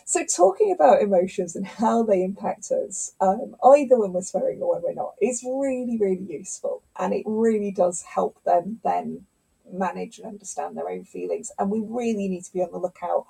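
A middle-aged woman, a scientist and author, telling stories in a lively conversational interview. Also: medium pitch, moderate pace, gravelly, breathy edge, poor audio. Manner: animated storyteller, acts out quotes.

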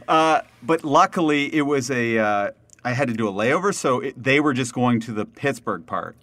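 A young man on a podcast telling a story in casual chat, animated and laughing often, with many fillers. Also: mid-range voice, a little slow, no echo.

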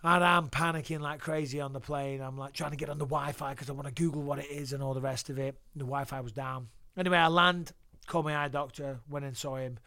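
A man's voice: mid-range voice, a little fast, no room sound, studio quality. A man, a podcast guest telling stories casually and swearing freely. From England. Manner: profane, lively anecdotal storyteller. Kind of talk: casual storytelling interview.

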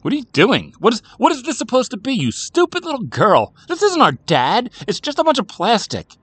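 A man voicing an angry, grieving young boy who shouts and sputters. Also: mid-range voice, animated, a little slow, dry recording. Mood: furious. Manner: shouting, upset.

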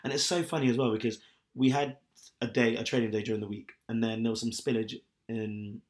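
Rambling man telling a story, mid-pitched. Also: steady tone, fairly quick. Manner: rambling storyteller, lots of "like" fillers. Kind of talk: casual chat.

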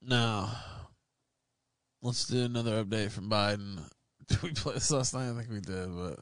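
A man hosting a casual podcast, talking in a profane, excitable, sarcastic way. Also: lowish voice, moderate pace, smooth, dry recording, clean studio sound. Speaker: podcast host. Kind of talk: casual live-stream commentary.

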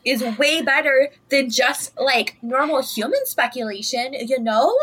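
Lively, slightly husky woman host. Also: high-pitched, a little slow. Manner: animated, laughs often. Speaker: podcast host. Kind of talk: casual book discussion.

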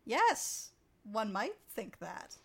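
A young adult woman co-hosting a podcast, recapping a film in animated casual chat with frequent laughs and swearing. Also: a little high, extremely slow, slightly rough.

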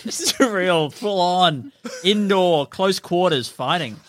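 A man's voice: sits high, expressive, slow, a bit bright. A man playing a tabletop game, wry and playful. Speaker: player. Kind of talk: casual tabletop game play.

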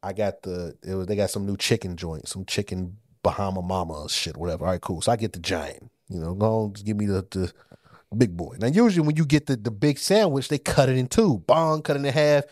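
A man co-hosting a podcast, telling a story in casual chat, animated and profane, often laughing as he goes. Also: on the low side, fairly quick, dry recording, clean studio sound. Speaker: podcast co-host.

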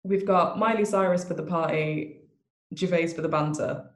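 A woman's voice: fairly low pitch, steady tone, normal speed. A woman co-hosting a casual chat, making dry, wry remarks. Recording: echoey room.

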